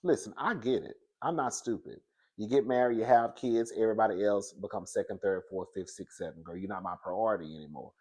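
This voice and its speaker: Chatty guy reviewing a reality show, animated, laughs a lot, keeps saying girl. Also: lowish voice, brisk. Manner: laughs often. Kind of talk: casual commentary.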